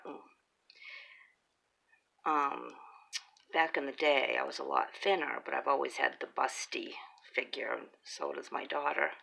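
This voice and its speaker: A middle-aged woman chatting and telling family stories while crafting, laughing often and dropping into breathy whispered asides. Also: rumbling low, bright, forceful tone, rough recording. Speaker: craft vlogger. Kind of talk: casual storytelling while crafting.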